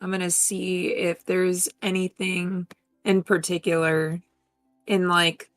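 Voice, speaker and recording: A woman's voice: lowish voice, monotone, slow pace, no room sound, faint music behind. A woman player in a tabletop game, speaking hesitantly and wryly. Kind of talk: casual tabletop play.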